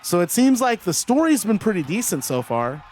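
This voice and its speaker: Man, high-pitched voice, casual play-by-play host, loose rambling chat between calls. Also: very animated, normal speed, darkish tone, slight background noise. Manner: loose and rambling, jumps between calling moves and answering chat. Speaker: host calling a simulated wrestling match.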